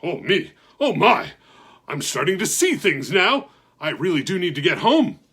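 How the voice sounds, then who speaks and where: A jolly, bumbling giant king, voiced by a man reading aloud booms out his lines with husky warmth. He sounds big, kind and excitable, like a storybook monarch who means well. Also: measured pace, exaggerated voice. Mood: jolly booming. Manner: loud, exclaiming, cheerful.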